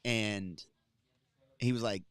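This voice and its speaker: A man's voice: fairly low pitch, fairly even intonation, slow pace, a bit bright, smooth, dry recording. A man, a grappling commentator, telling a story in casual post-show chat with laughs.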